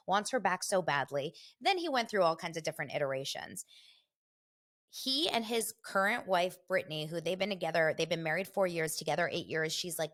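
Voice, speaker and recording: Chatty gossiping woman podcast host. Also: fairly low pitch. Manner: chatty, gossipy, animated with quoted voices. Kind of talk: casual solo podcast chat.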